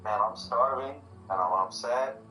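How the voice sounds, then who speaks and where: A man chatting casually while playing a video game, venting and ranting in an animated way. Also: medium pitch, unhurried, crowd noise. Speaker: gaming channel co-host. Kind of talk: casual let's-play chat. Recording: roomy, distant from mic, faint background noise.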